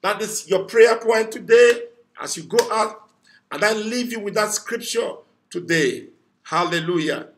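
A man's voice: sits high, a little slow, fairly bright tone, a little hiss or hum. A man leading a morning devotion as pastor, praying in tongues and urging listeners to declare scripture again and again. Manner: fervent, repetitive declarations, prays in tongues. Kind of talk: morning devotional prayer and sermon.

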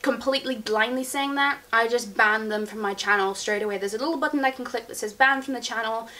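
A woman's voice: a little high, quick pace, sharp tone. A young woman chatting casually as a vlogger, giggling and rambling as she answers viewer questions. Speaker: beauty vlogger. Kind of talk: casual Q&A chat.

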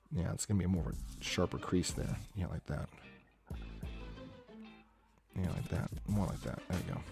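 A man's voice: lowish voice, warm tone. A man chatting casually with his stream chat while he draws, rambling and muttering to himself as he works. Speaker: artist livestreaming a drawing session.

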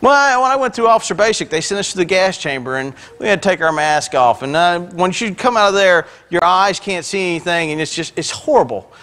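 A man's voice: high voice, lively intonation, a little fast, hardly any pauses, pushed and bright. A man who is a pastor, preaching a sermon in a church. He retells scripture in everyday words and mixes in joking asides. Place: church sanctuary.

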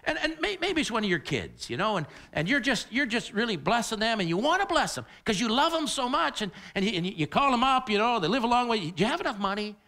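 A middle-aged male pastor preaching a sermon, animated and repeating words as he builds his point. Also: extremely high pitch, quick pace, hardly any pauses.

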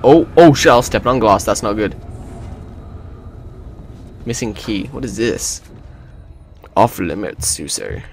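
Casual game commentator, a man with a lively voice who curses, jokes and yelps at scares. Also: fairly low pitch, a little slow, vocal fry, long pauses, a little hiss or hum. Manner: excitable, swearing, jokey, bursts into shouts. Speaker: gameplay commentator.

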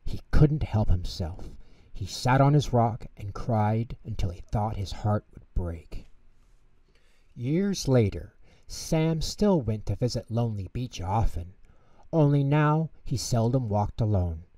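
A man narrating a bedtime story in an expressive, measured way. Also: medium pitch, dry recording, recorded from a distance. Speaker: storyteller host.

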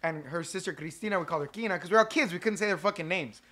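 A man co-hosting a casual podcast, telling a story in an animated, profane way. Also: high voice, very fast. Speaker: podcast co-host, band member.

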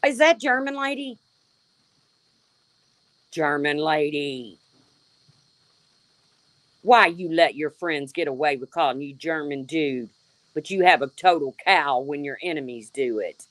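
A woman with a low, slightly bright voice hosts a livestream, taking slow, pause-filled jabs at a rival in a confrontational rant. She sarcastically calls her out and answers chat members by name, all on a dry recording.

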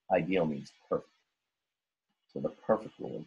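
Man, teacher, husky low voice, lively read-aloud of a rhyming story. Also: moderate pace, highs cut off. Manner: expressive, sing-song read-aloud.

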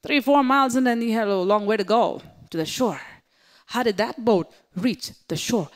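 A woman pastor preaching a sermon, swinging between loud exclamations and hushed, whispered asides. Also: fairly high pitch, moderate pace.

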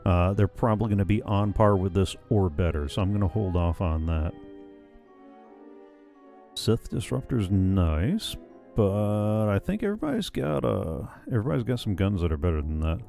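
A man hosting a let's-play, talking through a video game casually in a relaxed, wry manner and thinking aloud. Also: fairly low pitch, moderate pace, gravelly. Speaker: gaming let's-play host. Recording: voice over game audio with faint music.

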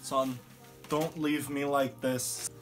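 A man playing an eccentric, melodramatic father in a comedy sketch, talking theatrically and swinging from hushed whispers to loud outbursts. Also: medium pitch, level tone, slow, faint music behind, lightly acted. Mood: pleading.

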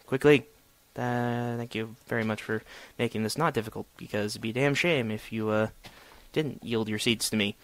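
A man's voice: lowish voice, fairly even intonation, normal speed, no echo. A young man giving solo gameplay commentary, chatty and sarcastic, talking to the objects he digs at. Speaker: gamer.

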